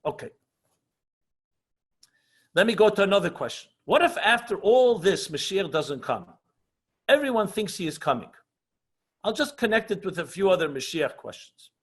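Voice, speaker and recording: A man teaching an online class as a rabbi, earnest and passionate, often slowing down for emphasis and mixing Hebrew and Yiddish terms into English. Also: sits high, sing-song, a bit bright, husky. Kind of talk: lecture with questions and answers.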